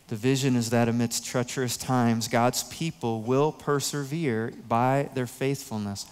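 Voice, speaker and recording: A man's voice: mid-range voice, fairly even intonation, clear, resonant tone. Earnest male pastor preaching in a hall. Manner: earnest, emotional preaching with soft pauses. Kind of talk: sermon. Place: church sanctuary.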